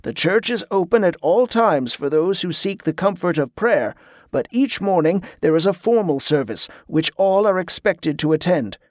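A man voicing a formal, stately male monk who guards an abbey gate, speaking in a measured, ceremonious way. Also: high-pitched, expressive, no echo, clean studio sound.

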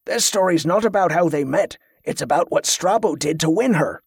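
A man voicing a gruff, boastful male ship's cook who gets impatient when interrupted. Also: fairly high pitch, expressive, moderate pace, no echo, clean studio sound, exaggerated voice.

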